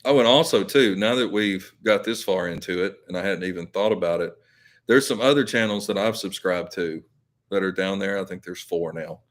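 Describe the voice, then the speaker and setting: A man's voice: low-pitched, moderate pace. A man hosting a live stream, chatting casually with viewers in a rambling way, full of fillers and self-corrections. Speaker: YouTube channel host.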